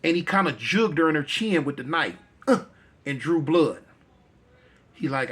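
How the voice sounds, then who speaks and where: A man's voice: on the high side, lively intonation, measured pace, fairly bright tone, husky. A male storyteller telling a dramatic tale in a conversational, repetitive way.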